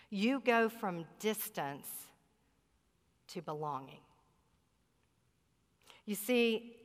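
A woman pastor preaching a sermon in a church, earnest and emphatic, stretching out key words. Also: medium pitch. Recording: long reverb of a hall.

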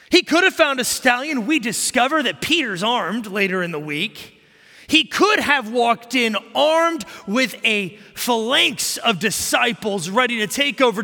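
A male pastor delivering a sermon, preaching emphatically and then dropping to soft, quiet passages. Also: long reverb tail. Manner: animated, emphatic preaching that drops to soft lows.

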